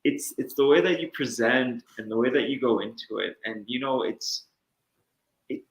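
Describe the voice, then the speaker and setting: A man's voice: mid-range voice, moderate pace. Earnest man in an echoey room. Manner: earnest, reflective, acts out inner voices. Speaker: guest. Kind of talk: casual chat.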